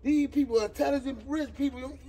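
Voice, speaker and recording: A man outdoors, loudly protesting and exasperated in a heated argument. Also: very high voice, steady tone, quick pace, slight background noise. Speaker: vlog co-host, prank target. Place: outdoors in a driveway.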